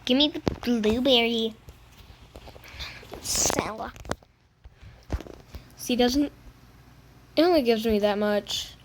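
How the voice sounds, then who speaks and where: A woman gamer with a fairly high voice talks slowly through casual gameplay commentary, her words drawn out. She whines playfully and fakes crying over bad loot. Faint noise sits behind her voice. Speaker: gaming video creator.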